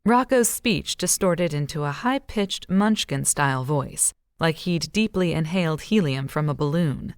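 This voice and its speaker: A woman reading an audiobook in a measured, even storytelling manner. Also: low-pitched, clean tone, no room sound, clean studio sound. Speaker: audiobook narrator. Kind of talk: scripted audiobook narration.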